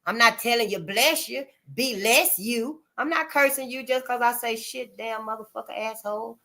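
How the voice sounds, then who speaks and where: A woman's voice: fairly high pitch, normal speed, bright, forceful tone. A woman hosting her own channel, talking straight to her listeners in a blunt, emphatic monologue, cussing freely and repeating points to drive them home. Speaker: channel host. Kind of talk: casual spoken commentary monologue.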